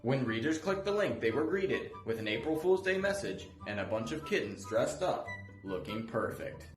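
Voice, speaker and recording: Lively man narrating trivia over music. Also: medium pitch, normal speed. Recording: roomy with music behind.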